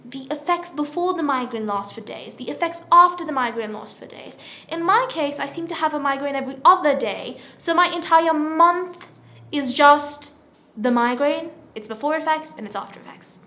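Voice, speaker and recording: A sixteen-year-old girl speaking earnestly and haltingly about her own experience, often checking in with "right?". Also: sits high, expressive, sharp tone. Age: teenager, 16. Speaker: self-help vlogger sharing her experience. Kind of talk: personal testimony to camera.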